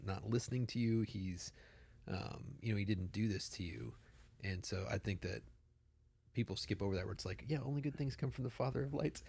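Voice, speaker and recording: Male pastor co-host, 30s, low raspy voice, animated conversational delivery. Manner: animated storytelling, emphatic repetition. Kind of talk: casual podcast conversation.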